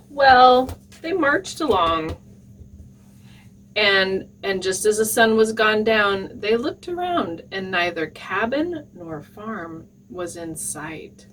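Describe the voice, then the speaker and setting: Lively, unhurried librarian reading to kids. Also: female voice, mid-range voice, far from the mic, slight background noise. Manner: expressive, playful, asides to children. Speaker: children's librarian. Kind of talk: storytime reading.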